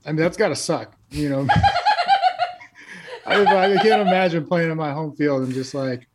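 A man co-hosting a casual sports podcast, laid-back and quick to laugh. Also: a little high, heavy background noise. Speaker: podcast co-host.

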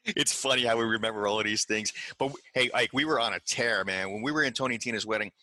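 A man hosting a casual talk show, telling lively anecdotes and acting out the voices of people in them. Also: fairly low pitch, fast talker, no room sound. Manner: animated storyteller who acts out voices. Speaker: podcast host. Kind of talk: casual chat.

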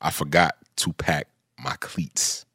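A man's voice: very deep voice, level tone, takes it slowly, sharp tone, husky, dry recording, clean studio sound. A man in his thirties, a former offensive lineman, telling stories in a laid-back casual chat with lots of "bro". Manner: laid-back, lots of "bro" and "you know what I'm saying". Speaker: former pro football offensive lineman, podcast guest.

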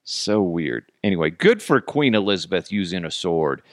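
A man's voice: low voice, very animated, moderate pace, no echo, studio quality. A man hosting a radio show, rambling through a casual comedic monologue with goofy, profane jokes and laughter. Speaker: radio host.

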